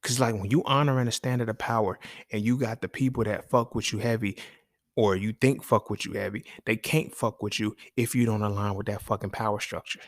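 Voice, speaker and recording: Blunt, low-voiced man in casual monologue. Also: fairly even intonation, a little fast, no room sound, studio quality. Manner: blunt, profane, repeats "you feel me". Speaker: podcast host.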